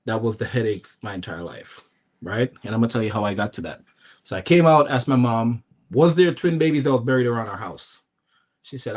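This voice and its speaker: A man as a podcast guest, telling a personal story casually, acting out other people's words with jumps in his voice and frequent restarts. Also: brisk. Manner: animated, acts out quoted voices with pitch jumps, many restarts.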